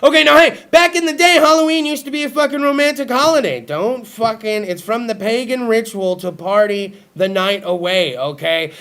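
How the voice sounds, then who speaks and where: A man's voice: very high-pitched, fairly bright tone. A young adult man hosting a talk show, running a crude, profane comedy monologue and teasing his co-host.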